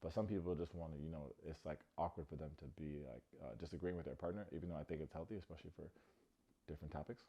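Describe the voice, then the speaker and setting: His voice a rumbling low and his delivery very fast, a man reviews a reality dating show in a lighthearted, joking recap. He's lively and often mimics what the cast says.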